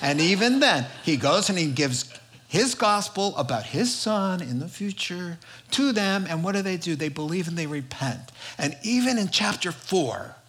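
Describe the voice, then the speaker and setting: A man's voice: high voice, big pitch swings, normal speed, a bit bright. A man preaching a sermon, telling a story with emphasis and building repetitive rhetorical lists.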